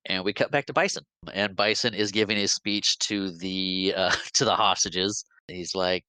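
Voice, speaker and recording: Animated man recapping a movie. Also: deep voice, clean tone, dry recording, rough recording. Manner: animated retelling with quick character quotes and laughs. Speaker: podcast host.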